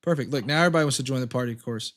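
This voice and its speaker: A man's voice: mid-range voice, rapid-fire. A man hosting a casual livestream talk show, rambling and hesitant with many fillers.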